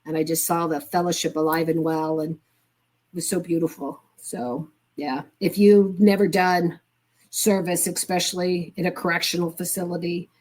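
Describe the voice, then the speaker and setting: Older woman, podcast guest, slightly low voice, candid, chatty storytelling. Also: little pitch movement, unhurried, a little mellow. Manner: candid, chatty, with fillers and reported dialogue. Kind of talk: casual storytelling interview.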